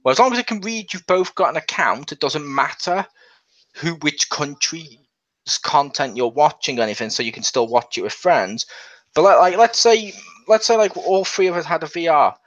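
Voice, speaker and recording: A chatty young man rattles on in a casual group chat, laughing easily as he talks. His voice sits a bit high, and the sound is dull and lo-fi. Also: moderate pace. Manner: chatty, animated, laughs often. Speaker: podcast co-host.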